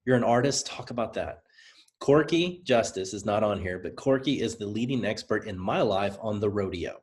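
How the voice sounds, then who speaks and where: A presenter with a Southern US accent gives a motivational training talk to a team. His voice is lowish and his pace moderate, and he coaches in an energetic, conversational way, repeating points for emphasis.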